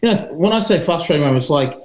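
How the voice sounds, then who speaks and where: A New Zealand man co-hosting a rugby chat show, talking in a rambling, animated way and laughing often. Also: a little high, quick pace, roomy sound, low-quality recording. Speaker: rugby podcast co-host. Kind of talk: casual chat.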